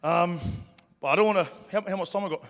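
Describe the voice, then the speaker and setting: A man's voice: high-pitched, quick pace, fairly bright tone. Joking New Zealand man in a hall. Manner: casual, joking, swears freely. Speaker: speaker. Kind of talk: storytelling talk to a live audience. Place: hall with an audience. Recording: long reverb of a hall.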